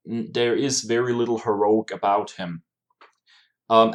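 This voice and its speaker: A male podcast co-host with a somewhat low-pitched voice. He talks casually, building his points with small hesitations. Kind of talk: casual film discussion.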